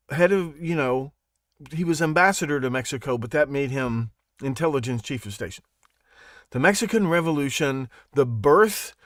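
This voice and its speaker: A man hosting a live podcast, talking in a rambling, animated monologue full of restarts and asides. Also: fairly high pitch, dry recording, studio quality. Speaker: podcast host. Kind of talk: casual monologue on a live show.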